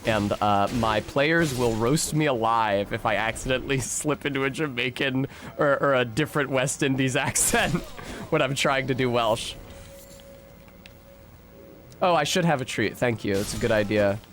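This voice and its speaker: A man's voice: mid-range voice, moderate pace, fairly bright tone, faint music behind. A young American man streaming a game, chatting casually and swearing often while he answers his chat and rambles between fights. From United States.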